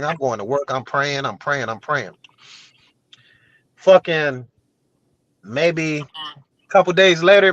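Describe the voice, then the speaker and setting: A man's voice: fairly high pitch, a bit bright, dry recording. Profane storytelling man on a dull call line. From Haitian family. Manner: loose, profane, keeps asking "you know what I'm saying". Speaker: show host. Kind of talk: casual storytelling on a video call panel. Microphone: video call.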